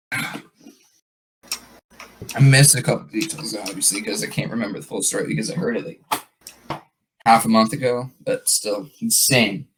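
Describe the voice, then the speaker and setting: A man's voice: lowish voice, moderate pace, pauses often, noisy background. A man hosting a podcast, telling a story in a rambling casual way with many fillers and restarts. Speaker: podcast host.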